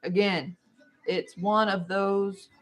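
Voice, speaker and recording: A woman's voice: medium pitch, fairly even intonation, slow, faint music behind. Lady reading her textbook aloud all dramatic, cracking little jokes as she goes. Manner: dramatic read-aloud with playful asides. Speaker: vlogger.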